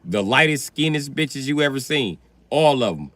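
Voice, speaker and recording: A man on a livestream, firing off a profane, teasing comic rant at his chat. His pitch swings widely as he riffs, jumping between loud jabs and muttered asides. He sits at a middling pitch for a man. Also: normal speed, no room sound. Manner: animated, crude, teasing, riffing off chat comments. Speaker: livestream host.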